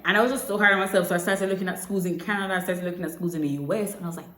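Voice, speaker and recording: A woman's voice: fairly low pitch, very fast, fairly bright tone. A young woman with a Jamaican accent telling a personal story to camera in a chatty way, slipping between English and Patois. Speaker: vlogger. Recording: echoey room.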